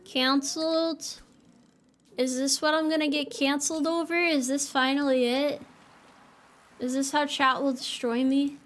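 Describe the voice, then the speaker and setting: A young VTuber casually chats with viewers during a farming-game stream, joking and teasing herself. Her high, fairly bright voice holds a level tone and moves a little slowly.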